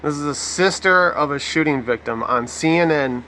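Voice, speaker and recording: Bright-voiced sarcastic male commentator. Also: fairly high pitch, moderate pace, a little hiss or hum. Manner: sarcastic and profane. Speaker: online commentator. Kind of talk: mocking commentary over a news clip.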